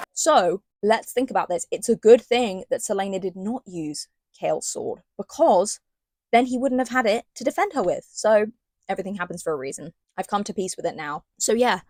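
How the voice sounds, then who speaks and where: A young woman giving an animated, sarcastic and rambling book recap in casual chat. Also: medium pitch, no echo. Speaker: book reviewer.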